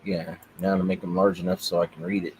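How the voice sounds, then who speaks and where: Low-voiced laid-back guy hosting a podcast, a bit of hiss in the background. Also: flat delivery, quick pace, a little mellow, poor audio. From Oklahoma. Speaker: podcast host. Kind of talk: casual chat.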